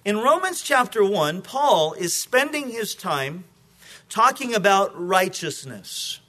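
A man's voice: high voice, sing-song, slow pace, pushed and bright. A male pastor preaching an evening sermon, joking with the congregation before teaching from scripture.

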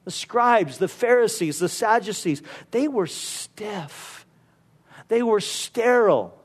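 High-voiced man preaching a sermon. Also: animated, slow, breathy edge. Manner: conversational storytelling with frequent "you know" asides.

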